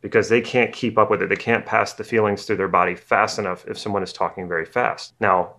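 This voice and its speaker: Low-voiced man teaching NLP. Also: fairly even intonation, pushed and bright. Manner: casual, conversational, repeats himself as he thinks; acts out slow and fast talkers. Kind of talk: explanatory video lesson.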